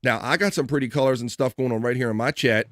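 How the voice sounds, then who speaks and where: A man's voice: medium pitch, quick pace, dry recording, studio quality. A man hosting a casual livestream chat show in an upbeat, old-school radio manner, thanking viewers and reading their messages. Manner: upbeat, shout-outs to chat, radio-style. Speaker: livestream host.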